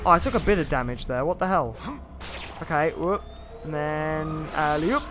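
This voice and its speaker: A young man streaming a video game, chatting casually and excitably with lots of filler words as he plays. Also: a little high, normal speed, noisy background. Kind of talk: live gameplay commentary. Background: faint game music.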